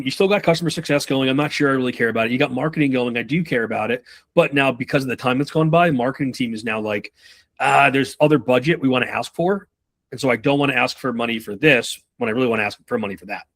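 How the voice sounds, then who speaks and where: A man giving a live sales training talk to a room, casual and profane, acting out quick dialogues between reps, buyers and bosses. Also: mid-range voice. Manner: animated, profane, acts out buyer and rep dialogue.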